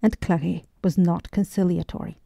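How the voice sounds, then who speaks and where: A woman narrating a novel in a measured, even way. Her voice is low and mellow, recorded close with no room echo at all. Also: creaky. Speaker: audiobook narrator. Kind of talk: scripted narration.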